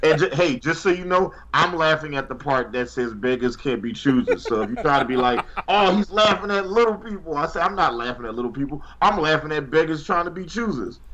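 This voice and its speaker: A man co-hosting a casual livestream talk show, telling stories in an animated way and laughing at his own jokes. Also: a little high, brisk, hardly any pauses, dull audio. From New Orleans, Louisiana. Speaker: podcast co-host.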